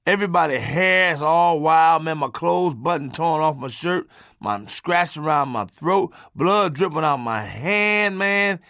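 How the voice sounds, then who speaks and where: A man telling a comic story from his own life, animated and profane, swinging from loud bursts to low asides. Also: a little slow, no room sound, studio quality.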